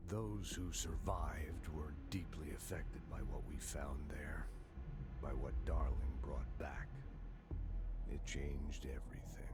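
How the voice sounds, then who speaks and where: Haunted game director, whispered role-play, very deep voice, slow hushed confession. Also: male voice, exaggerated voice. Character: grim weary male agency director, middle-aged, haunted.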